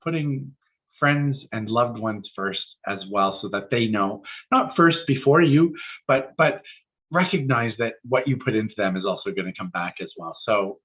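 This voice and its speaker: Guy giving a chatty midweek sermon, tinny phone-like sound, mid pitch. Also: normal speed, husky. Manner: conversational, anecdotal, encouraging. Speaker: spiritual centre speaker. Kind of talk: casual mid-week sermon.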